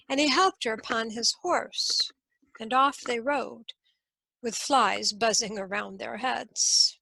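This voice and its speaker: A woman storyteller telling a medieval tale slowly and expressively, with dramatic pauses. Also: on the high side, creaky, bright, forceful tone, no echo, poor audio. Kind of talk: oral storytelling.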